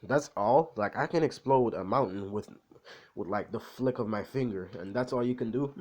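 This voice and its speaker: A man's voice: on the low side, moderate pace, a little mellow, natural voice. A man voicing a cocky, overpowered teenage boy hero who brushes off threats with slangy taunts. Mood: taunting.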